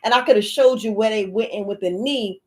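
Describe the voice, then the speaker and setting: A woman's voice: mid-range voice, a little fast. A woman, hosting a live Q&A and telling a personal story in a casual, dramatic way. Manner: animated, dramatic, exclaiming quoted reactions. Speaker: live Q&A host.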